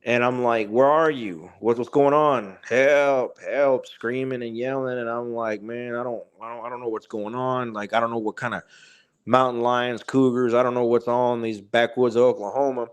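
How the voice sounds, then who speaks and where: A man's voice: medium pitch, flat delivery, moderate pace, clean tone. Rambling man telling a story. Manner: rambling, many fillers and restarts. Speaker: podcast guest, truck driver. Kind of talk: casual storytelling.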